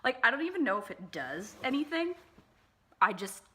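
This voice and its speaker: A woman's voice: on the high side, big pitch swings, normal speed, a bit bright, breathy edge. A woman vlogger chatting casually through a makeup tutorial, bubbly and full of fillers, sometimes dropping into whispered asides. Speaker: beauty vlogger.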